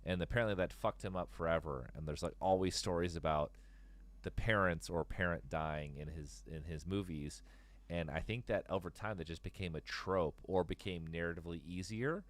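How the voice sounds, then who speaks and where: A man in his forties, low-voiced and speaking at normal speed, chats casually with callers on his live stream. His talk rambles, with restarted sentences and free swearing.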